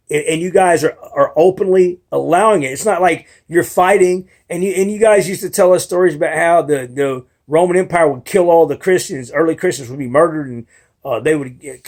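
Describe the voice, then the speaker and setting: A young adult man talking in a casual rambling monologue, argumentative and frustrated, with many restarts. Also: on the high side. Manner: rambling, restarts often, mimics others in quotes. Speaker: video blogger.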